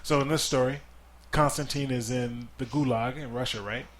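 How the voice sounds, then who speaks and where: A middle-aged man hosting a relaxed family movie review podcast, easygoing and steering the talk with guiding questions. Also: medium pitch, normal speed. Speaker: podcast host interviewing his child.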